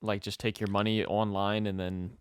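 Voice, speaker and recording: A man's voice: on the low side, level tone, moderate pace, smooth, no room sound. Laid-back young man in casual chat. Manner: laid-back, profane, asks follow-up questions. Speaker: podcast co-host.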